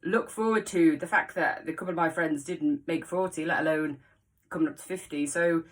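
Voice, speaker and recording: A woman's voice: low-pitched, moderate pace. A woman, chatting casually to camera in a rambling vlog. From England. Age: 40s. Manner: rambling, chatty, many asides. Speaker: vlogger. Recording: voice a bit far from the mic.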